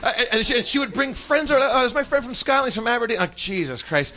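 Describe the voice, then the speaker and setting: An American man telling a long comic story on a podcast, animated and profane, often laughing as he talks. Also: extremely high pitch, quick pace. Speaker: podcast guest. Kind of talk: comedic storytelling.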